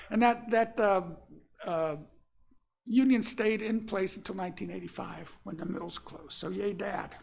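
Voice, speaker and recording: An older man from Florida, a minister giving a personal storytelling sermon in a relaxed, folksy way, pausing often with fillers. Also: high-pitched, vocal fry. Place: church sanctuary.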